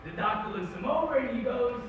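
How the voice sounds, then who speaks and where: Teen boy acting as a middle-aged irish-american guy missing his tough dad, high voice that jumps around, echoey school hall from far off. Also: a little fast, muffled recording, slight background noise. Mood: wry. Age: teens. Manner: animated storytelling, wry and emotional. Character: middle-aged Irish-American man, grieving macho son. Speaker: high school forensics performer. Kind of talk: competitive dramatic monologue. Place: school auditorium stage. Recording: echoey hall, distant mic.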